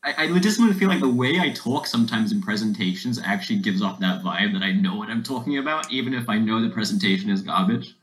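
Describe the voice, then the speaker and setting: Young male student, low-pitched, relaxed, matter-of-fact podcast guest. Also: quick pace, hardly any pauses, poor audio. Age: young adult. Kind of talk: casual chat.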